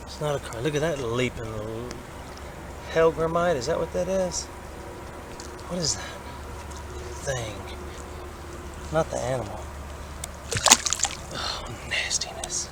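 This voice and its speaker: Male vlogger, excitable and chatty, mid-pitched, outdoor creek recording with noticeable noise. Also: measured pace, long pauses. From Alabama. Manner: chatty, excitable, talks to himself while searching. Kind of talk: casual outdoor narration.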